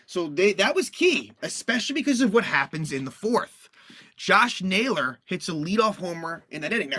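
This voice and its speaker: Male sports podcast host, solo recap, casual with lots of "um"s, bright tone, dry close recording. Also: fairly high pitch, dry recording. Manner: casual, lots of fillers and restarts.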